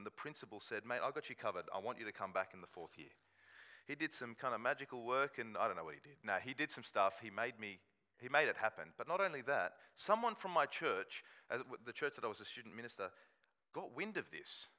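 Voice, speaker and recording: A man's voice: fairly low pitch, sharp tone. A man, preaching a sermon in a conversational storytelling way and acting out quoted voices. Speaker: pastor.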